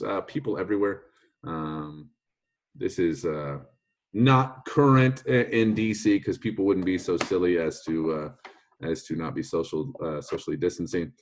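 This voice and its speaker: A man teaching a Latin lesson online in a playful way, with jokey asides. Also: low-pitched.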